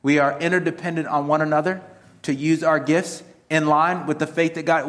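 A middle-aged man preaching a sermon in a noticeably high voice. He talks like a pastor chatting with his congregation, slipping from self-deprecating jokes into earnest exhortation. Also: flat delivery, a little fast. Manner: conversational, self-mocking humor mixed with earnest exhortation. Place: church sanctuary.

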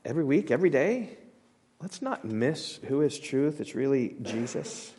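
A man preaching a sermon as pastor, emphatic, rising loud on scripture and dropping quiet, often repeating and restarting his words. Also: mid-range voice, big pitch swings, moderate pace, a little hiss or hum.

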